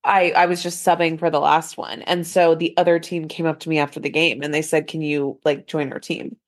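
Emphatic lower-voiced woman co-host. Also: flat delivery, fairly quick. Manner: emphatic, slangy, lots of fillers. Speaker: podcast co-host. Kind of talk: casual chat.

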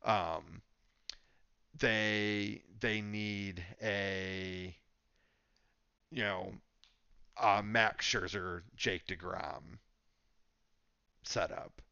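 A man's voice: fairly low pitch, steady tone, drawn-out words, vocal fry, pauses often, sharp tone, smooth, no room sound, dull audio. A man co-hosting a podcast, chatting casually and thinking aloud with lots of fillers. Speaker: podcast co-host. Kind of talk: casual sports chat.

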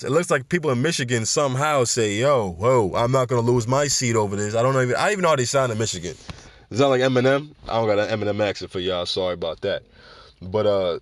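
A male podcast host talking casually and with a lot of emphasis, full of slang and quick restarts. His voice sits in an ordinary middle register, recorded close and completely dry with no room sound. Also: medium pitch, dry recording. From New York.

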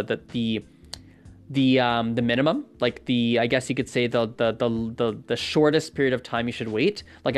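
A man giving language-learning advice in a casual monologue. He rambles, restarts his sentences and keeps checking in with "right?". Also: medium pitch. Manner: rambling, with many fillers and self-corrections; conversational, often asks "right?".

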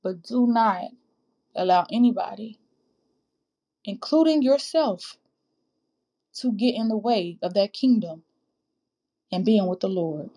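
A woman's voice: medium pitch, animated, takes it slowly, pauses often, mellow. A woman hosting a faith-based podcast for women, speaking earnestly and informally to listeners she calls sis and baby, in a preacherly, exhorting way. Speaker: podcast host.

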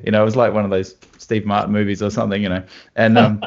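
Australian guitarist, man, low gritty voice, anecdotal, lo-fi audio. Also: rapid-fire. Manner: animated anecdotes with laughs. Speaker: guest guitarist. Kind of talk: casual storytelling chat. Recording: dull lo-fi sound.

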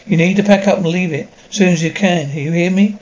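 A man's voice: high-pitched, fairly quick, darkish tone, dull audio. A man reading a dubbed drama aloud, speaking the sound cues between the lines.

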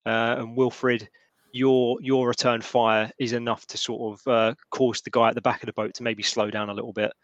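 A man narrating as game master of a tabletop role-playing game, halting and full of restarts. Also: mid-range voice, little pitch movement, dry recording, muffled recording. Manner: halting, lots of restarts and fillers.

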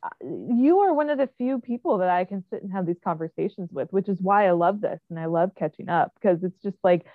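A woman's voice: on the low side, dry recording. A woman in her thirties, a podcast guest, chatting casually and fondly with an old friend, laughing easily. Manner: lively, nostalgic, quick to laugh. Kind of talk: casual chat. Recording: dull, dry sound.

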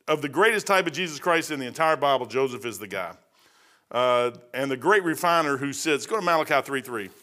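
A middle-aged American man delivers a sermon, his voice slightly high and a touch bright. He's folksy and blunt, weaving stories in between scripture passages. His talk is conversational and packed with fillers and asides.

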